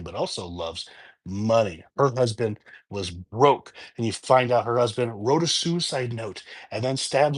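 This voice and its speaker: A man chatting through a movie review in a relaxed, unscripted way. His pitch sits in an ordinary middle range. He stumbles, restarts, and piles on fillers as he recounts the story from memory. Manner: rambling plot retelling with restarts, unscripted. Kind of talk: casual spoken film review.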